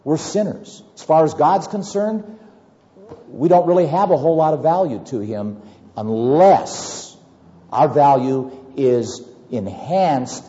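A man preaching a sermon and reading scripture aloud, swinging between loud emphasis and hushed low asides. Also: animated, slow. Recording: dull audio with long hall reverb.

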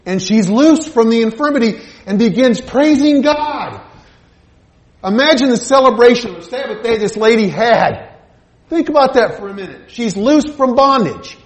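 A man preaching a sermon, retelling a Bible story and acting out the voices in the scene. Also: very high-pitched.

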